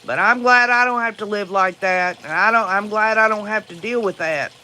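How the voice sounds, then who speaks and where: Hosting a casual livestream, a man answers viewer comments in a Southern US accent, rambling, opinionated and heavy on fillers. His high voice is pushed and bright at normal speed, with slight background noise.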